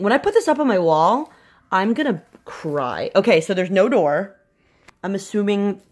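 A woman in a casual unboxing vlog, excitable and gushing, her voice swinging up into squealing highs. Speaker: vlogger unboxing a fan subscription crate.

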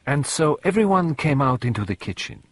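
A man voicing a fussy, polite elderly male detective who speaks precisely and formally, in a husky voice. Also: on the high side, big pitch swings, brisk, pitched above the performer's own voice. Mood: courteous.

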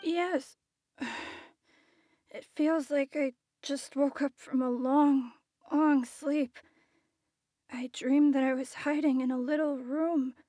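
A woman's voice: high voice, steady tone, slow pace, pauses often, warm tone, no echo. A woman voicing a confused, frightened young boy in a game. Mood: dreamy. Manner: timid, frightened. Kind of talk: game voice acting.

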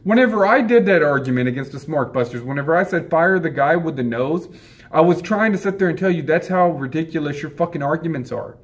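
High-voiced man in an angry rant. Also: lively intonation, fast talker, hardly any pauses. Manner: angry, profane, dismissive. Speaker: wrestling YouTuber.

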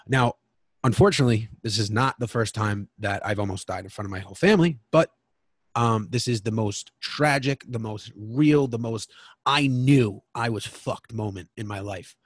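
A man's voice: fairly low pitch, dry recording. A man as a podcast guest, telling a candid personal story in a frank, emotional way and swearing freely.

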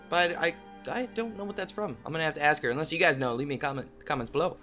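A young man hosting a game play video, talking to viewers in a goofy way and breaking into loud yelps and yells. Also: fairly high pitch, expressive, fast talker, few pauses. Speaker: gaming channel host. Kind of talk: let's play commentary. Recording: game music playing softly behind.

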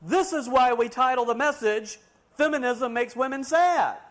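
Man, high voice, fiery sermon, emphatic then hushed, preacher. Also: moderate pace. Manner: swings between loud emphatic preaching and hushed asides.

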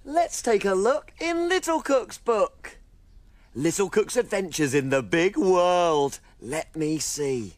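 A woman's voice: fairly low pitch, lively intonation, slow, no echo. A woman playing a tiny cheerful female cook, telling a story in a sing-song, bouncy children's TV style. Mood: cheery storytelling.

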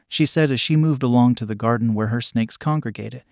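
A man reading a story as its narrator in a steady, even manner. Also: medium pitch, fairly quick, creaky, no echo, studio quality. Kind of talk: storybook reading of fan fiction.

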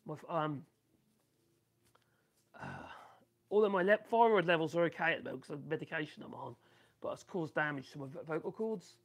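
A man with a Norfolk accent and a raspy, coarse voice, rambling casually on a live stream and reading out viewer comments. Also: on the high side, brisk, long pauses, a bit bright. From Norfolk, England. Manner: rambling and chatty, many ums and restarts. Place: home workshop.

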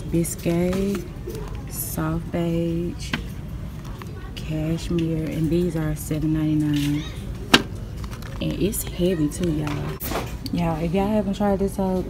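A woman with a low voice and a Southern US accent wanders a large store, pointing out items and calling her viewers y'all. Loud shop noise runs behind her the whole time, recorded on the move. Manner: chatty, lots of ums, addresses viewers as y'all. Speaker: beauty vlogger. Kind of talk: casual in-store shopping commentary.

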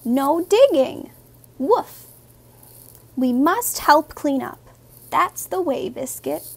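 A woman, a teacher, reading a children's picture book aloud in a gentle, expressive, sing-song way. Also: high-pitched, slow, vocal fry.

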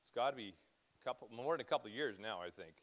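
A man's voice: mid-range voice, animated, racing, a bit bright. Middle-aged male preacher, casual and rambling, emotional, self-interrupting delivery. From Canada. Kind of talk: informal church talk.

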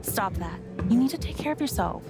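Warm, earnest game townswoman; plain natural read, music bed. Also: on the high side, lively intonation, brisk. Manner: earnest and kind. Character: friendly welcoming adult woman, warm townsperson. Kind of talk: video game dialogue.

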